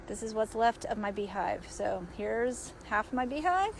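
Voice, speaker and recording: A woman films in her backyard on a phone, chatting and coaxing the bees along. Her voice sits fairly high and turns excitable. Faint outdoor noise and buzzing run underneath. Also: moderate pace, creaky, few pauses. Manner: excitable, chatty, laughs often, talks to the bees. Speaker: backyard beekeeper. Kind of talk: casual outdoor vlog narration.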